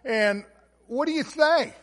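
A man with a very high voice preaches a sermon from a church hall, where a long echo hangs behind his words. He talks earnestly as a pastor, stumbling into fillers and restarts, his loudness rising and falling. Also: takes it slowly.

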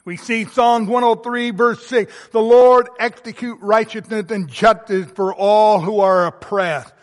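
A man's voice: sits high, steady tone, a little slow, big-room sound. A male pastor preaching a sermon with emphatic, rising and falling delivery. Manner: emphatic preaching, swelling to loud emphasis then dropping soft.

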